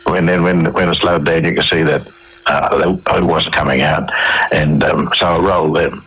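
An Australian man giving a radio interview, telling his own stories in a halting way with many restarts and fillers. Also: low voice, fairly even intonation, fairly bright tone, slight background noise, poor audio. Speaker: interview guest.

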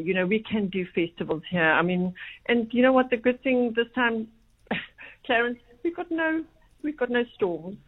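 A woman talking about a festival she helps run, chatty and rambling with many restarts. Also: medium pitch. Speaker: festival organiser guest. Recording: tinny phone line.

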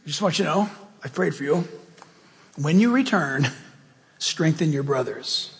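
A man quoting an earnest male teacher who gently warns and reassures a disciple. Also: a little high, animated, unhurried, vocal fry, long reverb tail, pitched below the performer's own voice, heavily acted.

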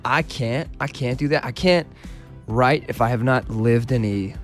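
Relaxed rambling male musician guest. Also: mid-range voice, unhurried, soft background music. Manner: relaxed, rambling, lots of fillers and restarts. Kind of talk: casual radio interview.

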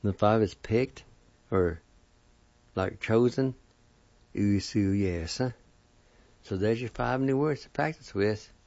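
A man's voice: medium pitch, gravelly, darkish tone, dry recording, dull audio. A man teaching pronunciation, spelling words out and repeating them syllable by syllable. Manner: slow, syllable-by-syllable spelling and repetition. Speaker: language teacher. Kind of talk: pronunciation lesson.

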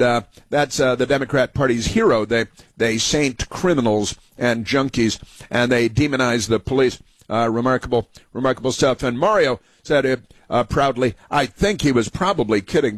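Husky, rambling talk radio man. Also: mid-range voice, dry recording. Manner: rambling, with many uhs, sarcastic and scornful. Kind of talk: political talk radio monologue.

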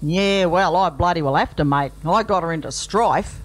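A man with an Australian accent playing a sullen, grudging young roughneck groom. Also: fairly high pitch, moderate pace, lightly acted. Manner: grudging, blunt.

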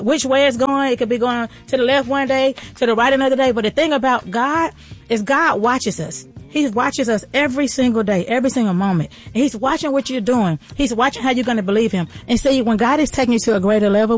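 Woman host, rapid-fire motivational faith talk, fervent and folksy, soft music underneath. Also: on the high side. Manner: fervent, preacher-like encouragement; casual, folksy. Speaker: podcast host and entrepreneur.

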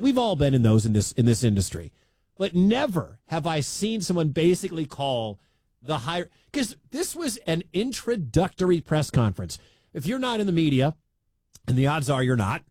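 Man from the Midwestern US, sports talk radio host, lively and emphatic delivery, dry studio sound. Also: a little high, dry recording. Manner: animated, conversational, emphatic.

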